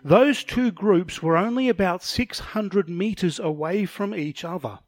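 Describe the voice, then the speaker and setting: A man with a fairly high voice teaches a Bible study lesson in a dry, close recording. He explains each passage step by step, points to slides as he goes, and now and then trips over a word. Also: unhurried, no echo. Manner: explanatory, with slide references and occasional stumbles.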